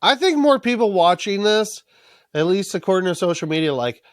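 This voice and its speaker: A man's voice: high voice, lively intonation, brisk, no echo, clean studio sound. A man co-hosting a TV recap podcast in casual, jokey chat, swearing a lot. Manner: crude, swears constantly, jokey. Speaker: podcast co-host.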